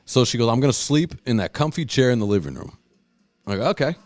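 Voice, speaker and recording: A man hosting a podcast, telling stories in casual chat, swearing a lot and loudly acting out what people said. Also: medium pitch, very animated, quick pace, no echo. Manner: profane, storytelling, acts out quotes loudly. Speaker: podcast host.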